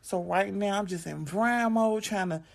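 A woman's voice: mid-range voice, moderate pace, gravelly. A young woman, a content creator and podcast host, talking in an emphatic, casual monologue, often saying "like" and "right?". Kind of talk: casual direct-to-camera monologue.

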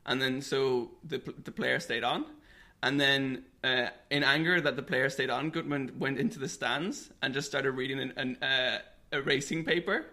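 A man's voice: medium pitch, normal speed, sharp tone. Guy on a football podcast, storytelling, laughs a lot. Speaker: podcast co-host. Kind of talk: casual football history chat.

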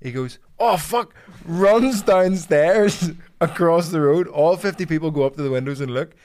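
A man telling a comic story in a casual podcast chat, often laughing and chiming in with quick remarks. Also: fairly high pitch, warm tone, clean tone.

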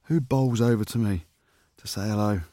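A man co-hosting a rugby podcast, telling stories in quick, laughing banter. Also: on the low side, mellow, dry recording, clean studio sound. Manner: fast, laughing storyteller. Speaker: podcast co-host, former rugby player. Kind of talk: casual banter.

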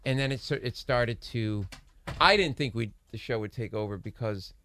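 A man's voice: mid-range voice, moderate pace, fairly bright tone, slight background noise. A man talking as a podcast guest, rambling through backstage stories with many restarts and quoted voices. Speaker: guest, late-night show writer. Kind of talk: casual podcast interview.

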